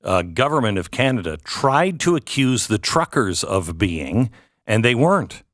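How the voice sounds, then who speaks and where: A man's voice: medium pitch, very animated, a little slow, a bit bright, no room sound, clean studio sound. A man hosting an interview, prompting his guest with brief interjections. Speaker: host.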